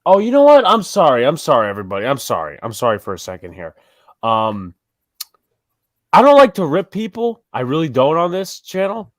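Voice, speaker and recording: Livestream co-host, young New York man, angry ranter, pitch swings a lot. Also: sing-song, a little fast, fairly bright tone, no room sound, studio quality. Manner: angry ranting, heavy swearing. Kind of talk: heated live sports chat.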